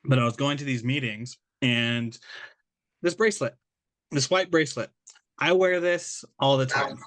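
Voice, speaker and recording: Give me an earnest male podcast host with an average-pitched voice who restarts his sentences. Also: fairly even intonation, normal speed, fairly bright tone. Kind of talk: casual interview chat.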